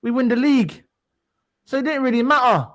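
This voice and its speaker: Boastful high-voiced man. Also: animated, fairly quick, fairly bright tone. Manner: boastful, taunting. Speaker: podcast co-host. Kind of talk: heated football banter.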